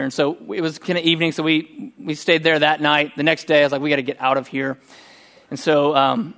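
A middle-aged man preaching a sermon, telling a personal story in a conversational, animated way. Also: on the high side. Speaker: pastor.

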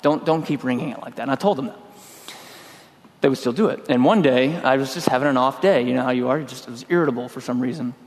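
A middle-aged man preaching a sermon in a relaxed, conversational way, telling a personal story and acting out his own lines. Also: medium pitch, fast. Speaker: pastor. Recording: long hall reverb.

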